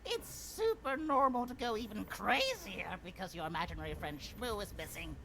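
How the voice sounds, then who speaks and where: A woman's voice: animated, moderate pace, crowd noise, natural voice. An actress playing a sarcastic female retainer in a video game, mocking her lord with dry irony. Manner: dry sarcasm, exaggerated swings in pitch. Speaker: game character.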